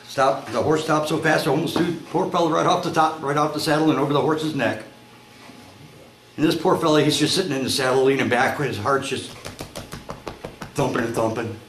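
A male pastor preaching a sermon, telling a story and acting out its voices, climbing to shouts at the high points. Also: animated, normal speed, pauses often. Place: church sanctuary. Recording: echoey church room, faint noise.

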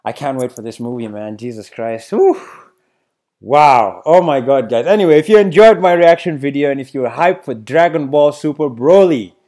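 A man hosting a casual trailer reaction video, excitable and stammering, often repeating himself. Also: on the high side, fairly quick, few pauses. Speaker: YouTube reaction host.

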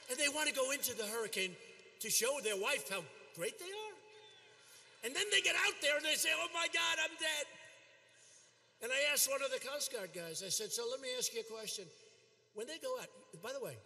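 Older male speaker in his seventies, bright and forceful delivery, repetitive and boastful rally style, long arena reverb. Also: sits high, a little hiss or hum. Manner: repetitive, boastful, shouting out to a crowd. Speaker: politician at a rally. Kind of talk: rally speech. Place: large arena.

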